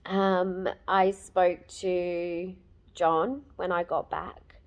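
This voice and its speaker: A woman in her fifties giving a candid, emotional personal testimonial, with many fillers and pauses. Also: fairly low pitch, level tone. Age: 50s. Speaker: program client giving a testimonial.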